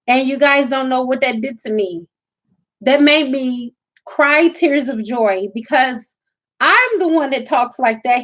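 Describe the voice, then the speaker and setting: A woman giving a live spiritual reading, talking to her viewers in an emphatic, preachy way. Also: high-pitched. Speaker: spiritual reader.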